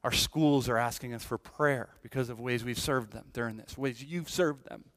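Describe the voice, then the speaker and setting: A man's voice: mid-range voice, moderate pace, a bit bright. A man around forty preaching a sermon as senior pastor, earnest, with frequent restarts and repeated words, often asking the congregation "right?".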